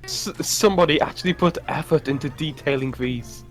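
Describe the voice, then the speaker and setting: A man's voice: fairly high pitch, fairly quick. Stammering man from northern England. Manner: stammering, eager explainer. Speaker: co-host. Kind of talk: casual chat. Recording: faint music under the voice.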